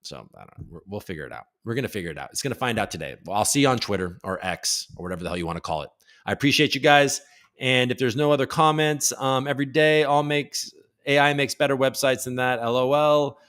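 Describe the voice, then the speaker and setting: A man's voice: medium pitch, expressive, quick pace, fairly bright tone. A man hosting a casual crypto livestream, rambling and joking irreverently as he reads viewer comments.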